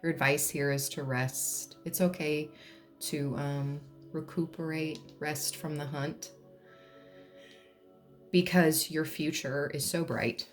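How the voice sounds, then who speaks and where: A tarot reader gives a pick-a-card reading in a low-pitched, steady voice at a slow pace, backed by soft music. Her manner is playful and jokey; she laughs to lighten things and sometimes bursts into humming or song.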